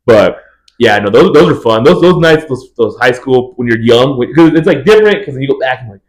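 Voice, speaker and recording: Fast-talking young man telling party stories. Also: mid-range voice, low-quality recording. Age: 20s. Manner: animated storyteller acting out friends' lines. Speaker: podcast co-host. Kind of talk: casual chat.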